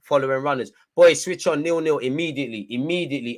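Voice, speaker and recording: A young man giving excitable live fan commentary on a football match, urging players on and swinging between frustration and hype. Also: on the high side, quick pace, hardly any pauses.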